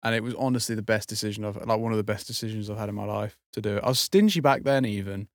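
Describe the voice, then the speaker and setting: A man's voice: on the low side, rapid-fire, no echo, studio quality. A young man, a podcast co-host, telling a rambling story in casual chat, full of fillers and swearing.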